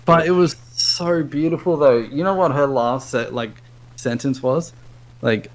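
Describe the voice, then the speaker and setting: A man's voice: medium pitch, measured pace, rough recording. A young man chatting casually as a podcast guest, rambling emotionally with lots of fillers. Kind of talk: casual chat.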